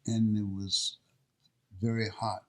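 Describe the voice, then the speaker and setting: A man's voice: on the low side, level tone, slow pace. An older man, a guest and motivational speaker, telling personal stories in a dramatic way and acting out the voices of the people in them. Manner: dramatic, acts out quoted voices. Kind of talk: emotional personal storytelling.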